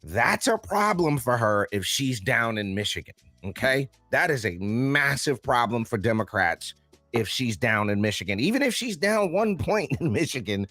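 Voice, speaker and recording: A man's voice: medium pitch, big pitch swings, moderate pace, bright, forceful tone, dry recording, faint music behind. A man co-hosting a political talk show, emphatic and incredulous, laughing often as he comments.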